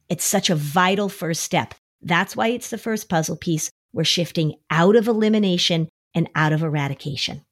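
A woman's voice: on the low side, lively intonation, a little slow. A woman explaining an approach to anxiety on a podcast in a conversational way, often acting out worried voices as quotes. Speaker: anxiety expert.

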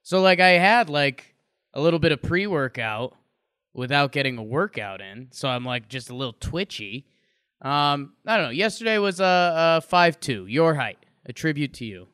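A man's voice: on the high side, expressive, moderate pace, a bit bright, clean tone, no room sound. A man co-hosting a casual podcast chat, dry and teasing in his jokes. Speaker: podcast co-host. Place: home.

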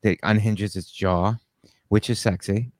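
A man, a comedian guest on a podcast, telling rambling deadpan stories with fillers. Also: fairly low pitch, a little slow, no echo, studio quality. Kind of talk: casual comedic podcast banter.

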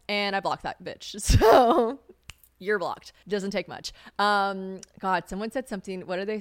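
A woman's voice: fairly low pitch, fairly bright tone, clear, resonant tone, no room sound. Sassy, swearing young woman podcast host. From South Carolina. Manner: chatty, sassy, swears freely, laughs often. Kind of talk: casual solo chat.

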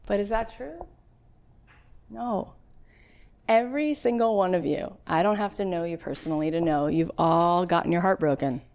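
A woman's voice: mid-range voice, moderate pace, clean tone. A woman in her late thirties speaks as a podcast host, giving a motivational talk in a chatty, storytelling way. She acts out quotes with bursts of animation and keeps a friendly, conversational flow. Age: 30s.

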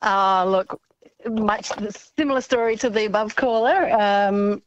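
Aussie woman calling in, talks real slow and easy, dry sound. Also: medium pitch, clear, resonant tone, no echo, highs cut off. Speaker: caller. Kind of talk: phone-in chat.

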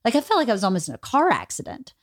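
Animated candid woman host, dry studio sound. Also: on the high side, racing, no room sound. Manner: candid, swears freely, animated storytelling. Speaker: podcast host. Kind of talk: casual chat.

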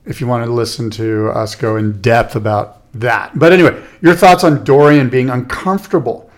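A man's voice: mid-range voice, normal speed. A man co-hosting a casual podcast chat, rambling and correcting himself as he asks probing questions. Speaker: podcast co-host.

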